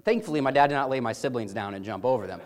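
A man with a mid-pitched voice tells a family story in a loose, chatty way. He sounds amused and often restarts his sentences as he goes. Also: lively intonation, very fast. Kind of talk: casual personal anecdote.

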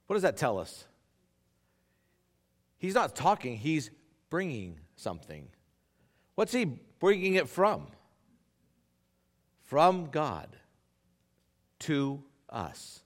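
A man preaching a sermon to a congregation in a church, swinging between loud emphatic lines and quiet asides. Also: fairly high pitch, takes it slowly, pauses often. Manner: animated preaching with sudden loud and soft swings. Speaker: pastor.

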